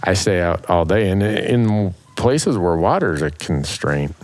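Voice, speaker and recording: Deep-voiced man hosting a hunting chat. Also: expressive, unhurried, a little mellow. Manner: encouraging, short interjections. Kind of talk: casual chat.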